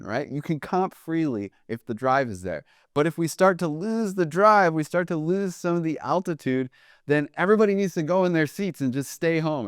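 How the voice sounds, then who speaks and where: A young man teaching jazz drumming in a relaxed, conversational way, often checking in with "right?" and counting beats aloud as he demonstrates. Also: on the high side, smooth, dry recording, studio quality. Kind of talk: instructional video lesson.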